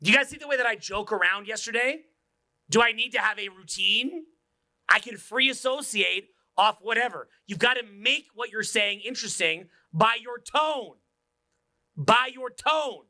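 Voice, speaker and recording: A man giving a live seminar talk in a room without speakers, energetic, joking and profane. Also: high-pitched, normal speed. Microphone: unamplified room talk.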